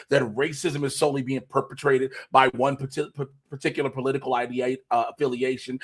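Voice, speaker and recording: A man co-hosting a podcast from his apartment, ranting emphatically and swearing heavily in casual chat. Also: on the high side. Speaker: podcast co-host, comedian. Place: home apartment, at his camera.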